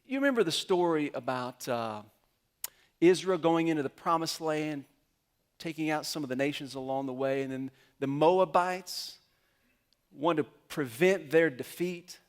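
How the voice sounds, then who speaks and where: A male pastor preaching a sermon in a storytelling way, slipping into the characters' lines as he retells the story. His voice sits a little higher than most men's. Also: a little slow, clean tone. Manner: storytelling sermon with lively acted-out quotes.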